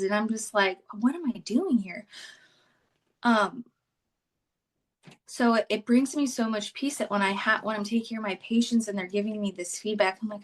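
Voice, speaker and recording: Woman, ICU nurse, podcast guest, emotional, heartfelt, rambling. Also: mid-range voice. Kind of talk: conversational podcast interview.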